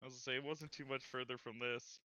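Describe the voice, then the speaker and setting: A man's voice: mid-range voice, steady tone, fast, pushed and bright, dry recording, muffled recording. A young man co-hosting a podcast, chatting bluntly and jokingly, often laughing. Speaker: podcast co-host. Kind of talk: casual chat.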